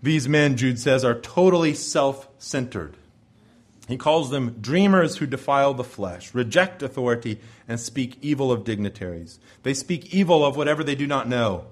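A male preacher delivering an expository sermon in a measured, emphatic way, his voice dropping low at the ends of phrases. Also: animated.

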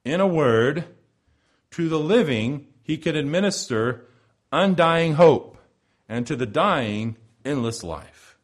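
A man preaching a sermon in a measured, rhetorical way, repeating phrases and building to swells of emphasis. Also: on the high side, lively intonation.

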